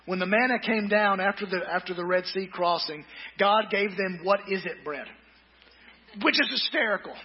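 A male pastor preaching a sermon, reading scripture slowly and deliberately with quick joking asides. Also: sits high, muffled recording.

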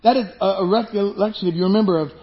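A man with a high voice preaches a sermon with emphasis and puts rhetorical questions to the congregation. The recording is dull and lo-fi. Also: very fast. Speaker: pastor. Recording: dull lo-fi sound.

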